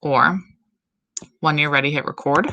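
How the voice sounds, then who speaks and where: A woman music teacher giving slow, step-by-step instructions in a recorded tutorial for her students. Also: deep voice, pushed and bright, low-quality recording.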